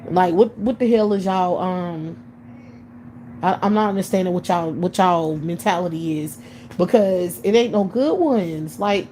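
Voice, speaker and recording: A woman's voice: medium pitch, mellow. Woman streamer, mid-range voice, heated profane rant, rhetorical questions, faint hiss behind. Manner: repeats and restarts words when heated. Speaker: livestream host addressing her chat.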